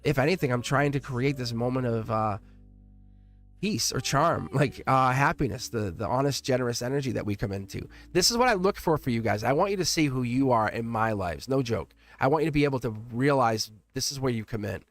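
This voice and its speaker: A man's voice: medium pitch, lively intonation, brisk, soft background music. Effusive rambling man hosting a live tarot stream. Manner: effusive and rambling, with frequent restarts and laughs. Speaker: live tarot reader and channel host. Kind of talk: live-stream chat to viewers.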